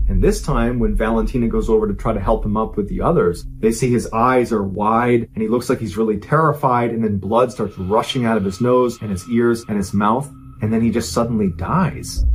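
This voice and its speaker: A man's voice: medium pitch, darkish tone, rough recording. A middle-aged man telling a true horror story as the show's host, in a conversational, earnest way with casual fillers. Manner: conversational, earnest, uses "you know" fillers.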